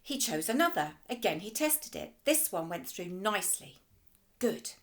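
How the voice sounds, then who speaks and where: A female teacher reading a children's storybook aloud in an expressive, lively way. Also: mid-range voice, moderate pace.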